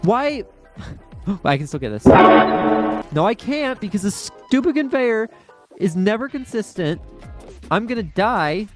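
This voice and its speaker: A man's voice: sits high, sing-song, slow pace, pauses often, faint music behind. A young man giving frustrated, exasperated commentary while playing a game, with repeated outbursts and complaints. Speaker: gaming streamer. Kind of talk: raging gameplay commentary.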